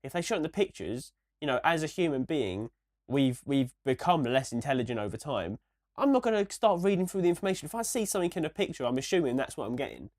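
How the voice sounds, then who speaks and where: A young man co-hosting a casual podcast, ranting and rambling with many restarts, a little hoarse from a recent cold. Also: mid-range voice, sing-song, quick pace, darkish tone. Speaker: podcast co-host.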